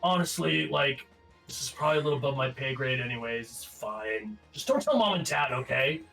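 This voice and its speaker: A man's voice: mid-range voice, lively intonation, fairly quick, vocal fry, a bit bright. A man voicing a bored, grudging teenage boy who mumbles his words. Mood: sulky. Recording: distant mic with background music.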